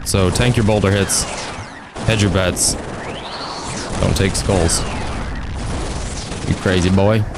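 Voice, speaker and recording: A streamer with a deep, fairly even voice speaks slowly and pauses often while commenting on his own gameplay, heavy background noise behind him. Wry and chatty, he addresses himself and his chat, laughing a lot.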